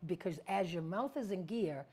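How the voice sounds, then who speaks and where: A woman teaching spiritual practice in a casual, meandering way, often searching for words and sometimes dropping to a hush. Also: lowish voice, expressive, moderate pace, husky.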